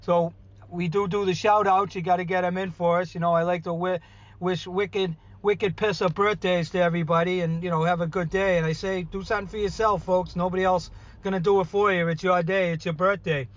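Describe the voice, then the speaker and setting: A man with a thick Boston accent talks in a rambling, folksy way. His voice sits a bit high and sounds close and dry. The recording is slightly dull and lo-fi. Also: steady tone, a little fast, no echo. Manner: rambling, folksy, full of "you know" and "uh". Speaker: regular segment contributor. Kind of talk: casual chatty monologue.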